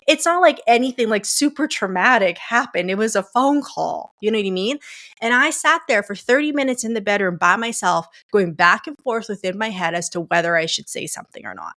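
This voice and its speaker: A woman's voice: mid-range voice, a bit bright. A woman hosting a coaching podcast, talking casually and directly to her listeners, with lots of "like" and "you know". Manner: chatty, addresses listeners as "guys", many "like" fillers. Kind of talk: casual solo podcast monologue.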